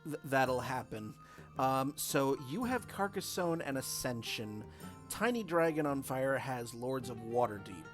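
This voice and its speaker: Lively-voiced cheerful streamer. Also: medium pitch, a little slow, music in the background. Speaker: streamer and host. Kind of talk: casual stream chat.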